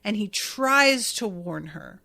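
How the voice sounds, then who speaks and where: A woman with a mid-range voice talks through an episode recap. She is chatty and animated, and now and then she acts out lines in quoted voices. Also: mid-range voice, slow, creaky. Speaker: podcast host.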